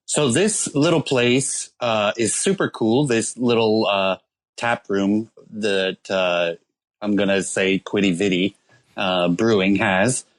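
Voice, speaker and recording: A podcast co-host phones in from overseas to present a beer, rambling through the story with plenty of ums and uhs. He speaks slowly in a voice on the low side.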